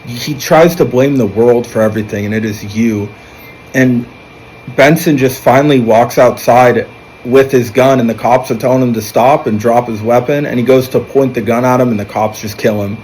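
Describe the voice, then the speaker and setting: Man, mid-pitched, chatty film recapper; rambling, self-correcting delivery, faint background noise. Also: steady tone, normal speed, rough recording. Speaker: film reviewer. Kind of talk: casual plot recap.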